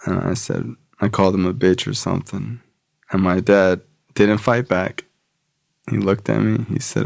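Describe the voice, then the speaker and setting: A man's voice: on the low side, normal speed, gravelly, darkish tone, dry recording, clean studio sound. A young man, a podcast guest, telling a candid personal story in a casual, profane way.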